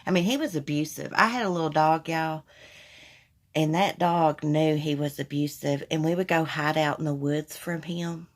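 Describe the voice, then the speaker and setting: A woman with a low-sitting voice hosts a casual livestream from her phone, candidly telling personal stories to viewers she calls y'all. She talks at a normal speed.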